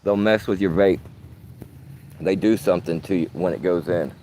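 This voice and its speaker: A man's voice: deep voice, normal speed, dark tone, a little hiss or hum. A man talking casually to his phone camera in a park, rambling and swearing with streetwise slang. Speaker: vlogger.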